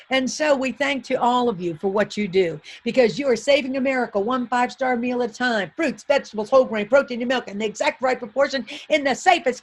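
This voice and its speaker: A woman's voice: on the high side, animated, fairly quick. A middle-aged woman giving a comedic motivational keynote. She tells exuberant stories and hammers her points home with punchy repetition.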